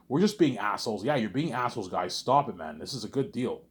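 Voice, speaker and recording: A man in a casual rambling monologue, animated and repetitive, arguing back and forth with himself. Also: on the low side, fast talker, few pauses. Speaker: vlogger.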